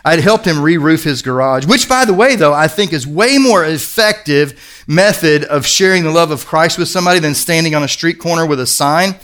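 A man's voice: fairly high pitch, brisk, fairly bright tone, clean tone. A middle-aged male pastor preaching a sermon in an earnest, conversational storytelling manner.

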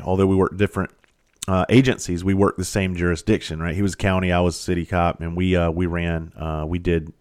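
A middle-aged man with a somewhat low voice tells a story in a loose, casual monologue. He is blunt and profane. He talks like a firefighter sharing war stories. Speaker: firefighter and podcast host.

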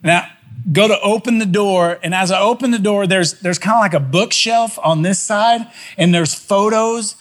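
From the pulpit, a middle-aged pastor with a notably high voice tells a story at a moderate pace. He is animated and pokes fun at himself while recounting his own blunder in this storytelling sermon.

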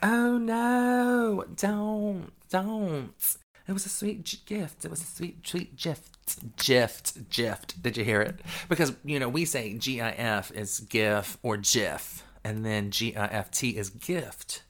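A podcast host giving a loose, rambling solo monologue while high, often breaking into giggles. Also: takes it slowly.

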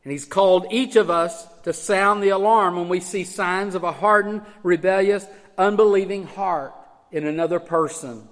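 A man preaching a sermon as pastor, emphatic, swinging from loud urging to hushed low tones. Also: normal speed. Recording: church hall with long reverb.

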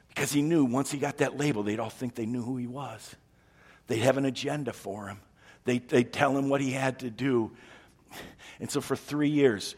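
A man preaching a sermon as a pastor, telling stories with lively energy and acting out the people he quotes. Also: medium pitch, moderate pace.

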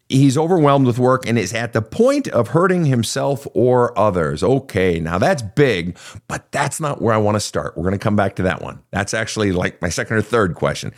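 A man hosting a counseling podcast, talking emphatically and repeating himself as he thinks aloud. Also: mid-range voice. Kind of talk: conversational counseling talk.

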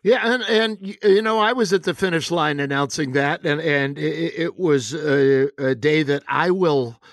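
A man's voice: a little high, measured pace, no room sound, studio quality. A man hosting a radio interview, asking questions and praising his guest with fillers. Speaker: radio host and race announcer.

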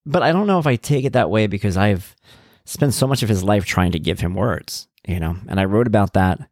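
Animated storytelling man with a low voice. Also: a little fast, dry recording, studio quality. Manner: animated storytelling, gets worked up, acts out quotes. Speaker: podcast host, parent of an autistic son. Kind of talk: casual podcast monologue.

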